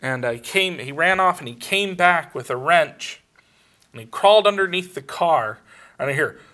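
A man's voice: on the high side, expressive, normal speed, sharp tone. A man preaching a sermon, telling a personal story with laughs and acted-out dialogue. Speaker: pastor.

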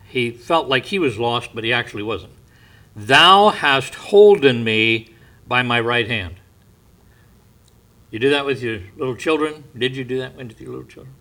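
A man preaching a sermon. He reads scripture passages aloud and explains them in a relaxed way, with small chuckles. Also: mid-range voice, normal speed.

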